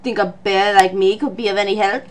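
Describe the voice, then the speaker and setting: A woman voicing an earnest young male martial-arts monk in a lowered, solemn tone while reading game dialogue aloud. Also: fairly even intonation, brisk, heavy background noise, lightly acted. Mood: good-natured.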